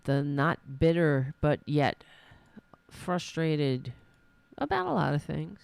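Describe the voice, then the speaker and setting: A woman's voice: deep voice, sing-song, slow pace, vocal fry, darkish tone, clear, resonant tone, dry recording. A woman from New York with a New York accent, hosting a solo political podcast and ranting in a frustrated, self-deprecating way. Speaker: podcast host.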